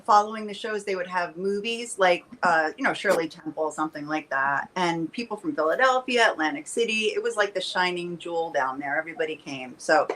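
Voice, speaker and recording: A woman's voice: fairly low pitch, animated, a little fast, few pauses, a bit bright, slight background noise, rough recording. A woman from New York, a paranormal investigator guest on a show, chatting casually and laughing often. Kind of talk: casual chat.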